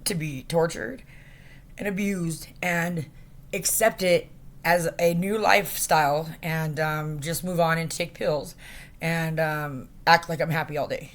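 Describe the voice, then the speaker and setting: A woman speaking into a phone camera in a rambling, distressed rant, halting and profane, with many fillers. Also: sits low, steady tone. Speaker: vlogger.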